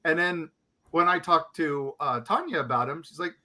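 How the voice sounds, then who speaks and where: Bright-voiced man telling a story animatedly. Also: fairly high pitch, a little fast. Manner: animated, mimics other people's reactions. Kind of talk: casual chat, storytelling.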